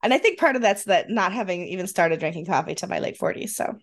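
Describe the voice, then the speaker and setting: A woman's voice: lowish voice, expressive, quick pace. A woman in her fifties with a Western New York accent, a podcast host in casual chat who laughs often and trails off mid-sentence. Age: 50s.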